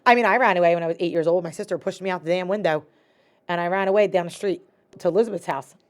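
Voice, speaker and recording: Middle-aged female podcast co-host, low-pitched, chatty, casual and laughing. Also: racing. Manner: chatty, laughing, quotes people in voices. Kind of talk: casual chat.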